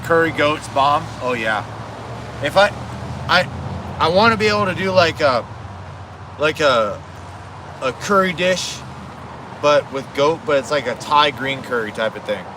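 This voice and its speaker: At a home cookout outdoors, a man cooks live for viewers, chatting loosely and swearing at times. His voice is fairly high with lively intonation, his pace measured with frequent pauses, and background noise is audible.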